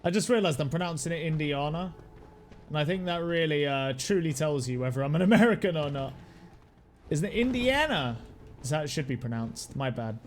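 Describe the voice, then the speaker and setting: A young British man streaming a game, rambling casually, swearing freely, laughing often and shouting at the game now and then. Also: on the high side, animated, fairly quick, slight background noise. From United Kingdom. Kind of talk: casual live-stream chat while gaming.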